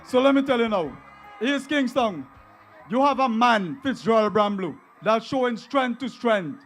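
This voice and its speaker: High-voiced fiery Vincentian man. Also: animated, unhurried, faint music behind. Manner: fiery, shouting, mocking. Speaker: political rally speaker. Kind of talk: campaign rally speech.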